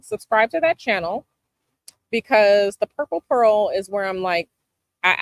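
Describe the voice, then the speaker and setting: The host of a tarot channel, a woman from Chicago, sits outdoors by a palm tree for a casual chat with viewers while planes fly over. Sassy and emphatic, she repeats her advice in a medium-pitched voice. There is no echo.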